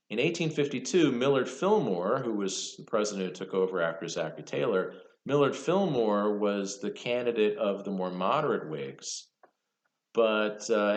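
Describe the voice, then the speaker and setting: A male professor delivering a lecture in a chatty, storytelling manner, tossing in casual asides. His voice sits a little low. The room echoes around him. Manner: conversational, lively storytelling with asides. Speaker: history professor. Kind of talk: university lecture.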